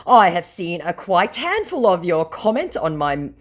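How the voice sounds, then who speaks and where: A woman putting on a smarmy male scammer who poses as a star and heaps on the flattery. His English is broken, and his voice sits high and leaps about. He sounds eager to please. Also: normal speed. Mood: fawning. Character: smarmy male online scammer posing as a celebrity.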